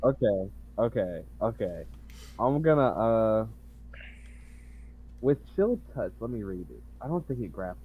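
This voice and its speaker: A man's voice: on the low side, big pitch swings, measured pace, long pauses, breathy edge, phone-quality sound. A man playing a tabletop game, talking casually with many fillers and hesitations. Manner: hesitant, lots of um and like. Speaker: player.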